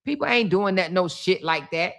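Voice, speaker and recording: A woman's voice: lowish voice, lively intonation, moderate pace, a bit bright. A woman hosting a livestream in a casual commentary style, blunt, profane and mocking, often repeating words for emphasis.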